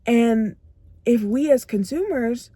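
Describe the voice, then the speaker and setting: A woman's voice: on the high side, takes it slowly, dark tone, no echo. A young woman giving a motivational self-growth talk to camera, emphatic and repeating phrases for punch. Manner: acts out her own inner dialogue in quotes.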